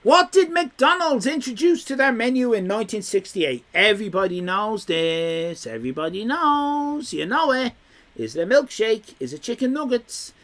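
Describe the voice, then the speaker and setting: A man's voice: high voice, animated, moderate pace, fairly bright tone. A young man with an Irish accent runs a live quiz stream. His voice swings up and down a lot as he chats and teases the viewers. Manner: chatty, reads chat aloud, teasing.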